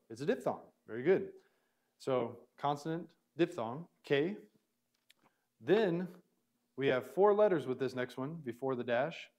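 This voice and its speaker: Sounding out words slowly, syllable by syllable, a man leads a classroom lesson and puts questions to his students. His voice is mid-range with a darkish tone.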